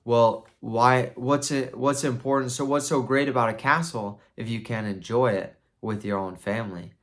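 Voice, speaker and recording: A man's voice: medium pitch, fairly even intonation, moderate pace, lightly acted. A man doing a probing, riddling wizard. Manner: probing, questioning. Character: riddling old male wizard.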